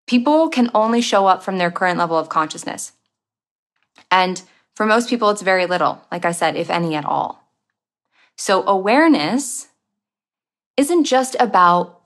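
A woman hosting a spiritual self-help podcast, speaking in a frank, unfiltered way with casual swearing. She slips into quick playful voices to act out inner thoughts, then returns to her steady middle-pitched delivery. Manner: candid, profane, acts out inner voices. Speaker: podcast host.

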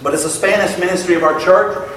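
Preacher booming in an echoey hall. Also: male voice, steady tone, quick pace, distant mic, a little hiss or hum. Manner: emphatic, rising to loud exclamations. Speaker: pastor. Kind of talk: sermon. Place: church sanctuary. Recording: echoey hall, picked up from afar.

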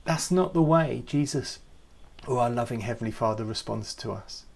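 A man who leads youth ministry, giving an earnest, reflective devotional talk with gentle emphasis. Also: mid-range voice, normal speed, vocal fry.

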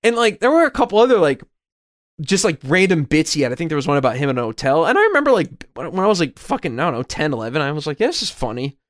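Male co-host, 30s, rambling, profane, restless; voice sits a bit high with lively swings. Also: rapid-fire. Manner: rambling, swears freely, many restarts. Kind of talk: casual chat.

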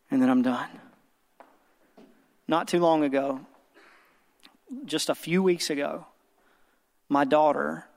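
At a church service with soft music playing behind him, a pastor in his thirties delivers an earnest sermon built around a story that makes his point. His voice is on the high side and creaky.

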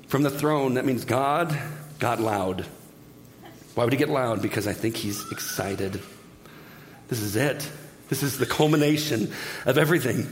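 A middle-aged man preaching a sermon as pastor, telling jokey stories in an animated way and dropping to a hushed voice to pray. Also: mid-range voice, moderate pace. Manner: animated, jokey storytelling that drops to a hushed prayer. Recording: echoey hall.

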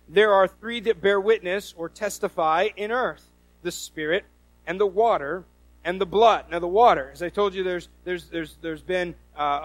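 A man preaching a sermon as a pastor, folksy and animated, with many restarts. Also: high voice, no room sound.

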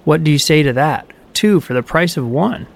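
A man's voice: on the high side, expressive, moderate pace, creaky, voice pushed up. A man voicing a cheerful, boastful trickster god.

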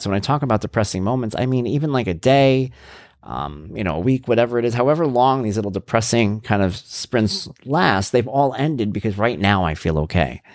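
This blogger and podcast host, a man in his thirties, speaks in a lowish voice on his own show. His monologue is personal, candid and reflective, packed with fillers and restarts. The recording is dry and studio quality.

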